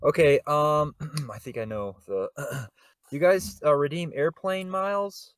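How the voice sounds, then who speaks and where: A man's voice: fairly high pitch, slow pace, clean tone, no echo. A man co-hosting a podcast in improvised comedy role-play, casual and coaxing, on a close dry mic. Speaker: podcast co-host.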